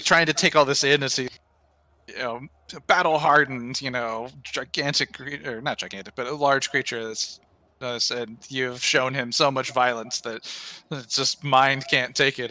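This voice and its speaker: A man narrating as game master of an online tabletop game, quick and chatty, laughing easily. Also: mid-range voice, pushed and bright.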